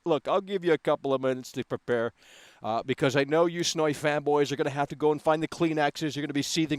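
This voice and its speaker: A man hosting a gaming livestream, ranting in a brash, combative way that swings into loud outbursts on a close mic. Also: fairly high pitch, fairly even intonation, quick pace, dry recording.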